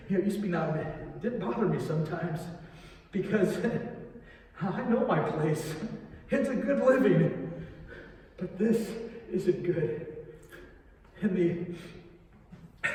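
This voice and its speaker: A man's voice: sits high, darkish tone, slight background noise. A man playing a guilt-shaken old cross builder. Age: older. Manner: halting, emotional, restarts and nervous laughs. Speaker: church drama performer. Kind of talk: first-person dramatic monologue. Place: large echoey church sanctuary. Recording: echoey hall from far off.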